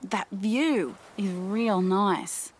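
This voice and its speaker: A man's voice: high voice, extremely slow, husky, pitched above the performer's own voice, exaggerated voice. A man voicing a friendly, teasing woman. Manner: cheeky, playful.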